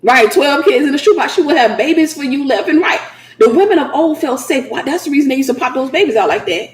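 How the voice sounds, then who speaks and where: A woman speaks in an animated preaching style, repeating phrases and breaking into laughing asides. Her voice sits high, and the room around her rings with echo. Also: a little fast. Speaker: host. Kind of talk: preaching livestream talk.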